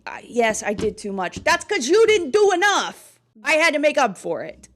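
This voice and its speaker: A woman co-host in casual chat who talks fast and swears freely as she rants. Her voice sits a little high and leaps around in pitch. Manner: fast, animated ranting with heavy swearing.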